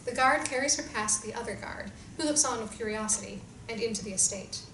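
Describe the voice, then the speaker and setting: A woman narrates the stage directions of a screenplay in a clear, measured read at a middle pitch. The sound is roomy and distant, with noise clearly heard behind. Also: pushed and bright. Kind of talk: screenplay reading.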